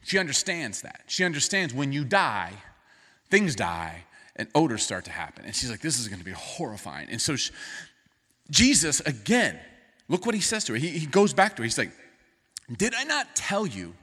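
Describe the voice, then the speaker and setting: A middle-aged man preaching a sermon as pastor, animated and rising into emphatic bursts. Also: mid-range voice, normal speed, husky, big-room sound. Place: church sanctuary.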